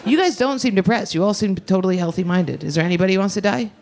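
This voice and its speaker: A woman performing a brash, fast stand-up set, talking with the crowd on a club stage. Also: medium pitch, background noise. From United States. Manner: brash, rapid, often shouting and laughing. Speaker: stand-up comedian. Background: audience laughter.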